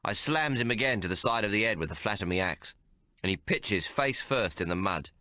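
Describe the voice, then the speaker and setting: Lively, bright-voiced male audiobook narrator. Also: lowish voice, brisk, no echo, clean studio sound. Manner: rough colloquial frontier dialect. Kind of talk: first-person audiobook narration.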